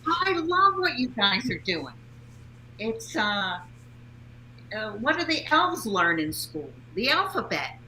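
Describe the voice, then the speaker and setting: A woman's voice: fairly high pitch, sing-song, slow, sharp tone, a little hiss or hum, low-quality recording. A woman, a guest speaker and author, telling upbeat anecdotes in a casual interview.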